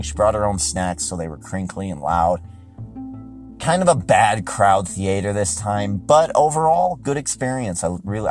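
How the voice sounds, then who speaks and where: A man hosting a podcast, giving a casual, rambling movie review that gets excitable and profane when he is riled up. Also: on the low side. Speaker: podcast host.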